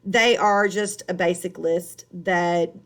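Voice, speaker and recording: A woman high school English teacher giving a recorded online lesson, explaining step by step and rephrasing as she goes. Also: steady tone, takes it slowly, fairly bright tone.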